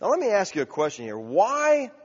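A man preaching a sermon, asking the congregation questions and building to loud cries. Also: sits high, wildly swooping pitch, fairly quick. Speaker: pastor. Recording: dull sound with long hall reverb.

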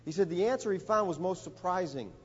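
A man preaching a sermon, telling a story and building to emphatic, rising lines with dramatic pauses. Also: high-pitched, husky. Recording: dull audio in a reverberant hall.

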